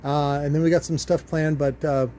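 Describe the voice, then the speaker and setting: Rambling man with a mellow voice. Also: on the high side, flat delivery, normal speed, a little hiss or hum. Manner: rambling, filler-heavy, thinks out loud. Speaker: car audio shop owner and video host. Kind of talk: casual product unboxing talk.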